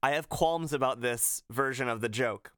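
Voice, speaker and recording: A man's voice: medium pitch, moderate pace, fairly bright tone, a little hiss or hum. A man co-hosting a casual podcast, talking with dry exasperation and dragging out his complaints. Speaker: podcast co-host.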